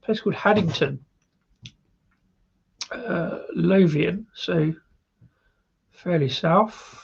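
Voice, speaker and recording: A man's voice: high voice, takes it slowly, creaky, slightly rough, lo-fi sound. A British man hosting a live beer review, chatty and rambling with frequent laughs. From Britain.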